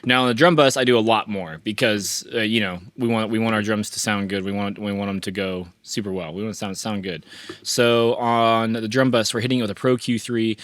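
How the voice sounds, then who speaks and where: A man hosting a relaxed mixing tutorial, talking through his plugin settings with frequent restarts and fillers. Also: lowish voice, a little fast, no room sound, studio quality. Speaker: mixing engineer and tutorial host. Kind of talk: casual screen-share mixing walkthrough.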